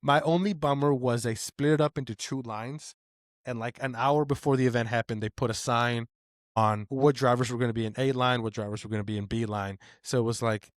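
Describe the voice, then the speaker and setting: A man co-hosting a casual podcast, telling his stories with eager excitement. His voice sits at a middling pitch and lifts when he gets worked up. The recording is close and dry. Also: a little fast, no echo. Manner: excitable storytelling, voice rises when animated. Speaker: podcast co-host. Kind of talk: casual chat.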